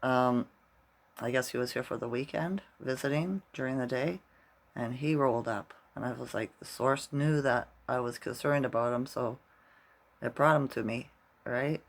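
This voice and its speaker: A man's voice: medium pitch, normal speed, vocal fry. A middle-aged man vlogging casually, rambling through a story and tagging his sentences with "right?".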